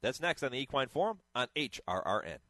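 A man hosting a morning horse racing radio show, talking in a relaxed, conversational way with the odd chuckle. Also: mid-range voice, quick pace, noisy background.

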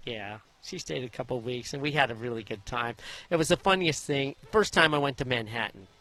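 A man, a former jockey, telling stories from his riding career in a folksy, animated way in an interview, acting out the voices of the people in them. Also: mid-range voice, brisk. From Idaho. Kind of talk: interview storytelling.

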